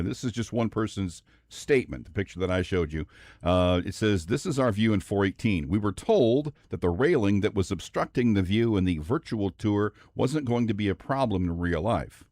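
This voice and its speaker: Low-voiced measured radio co-host. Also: male voice, a little mellow, no room sound, studio quality. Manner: measured, reasons aloud with hedges. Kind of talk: sports talk radio chat. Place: radio studio. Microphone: studio microphone.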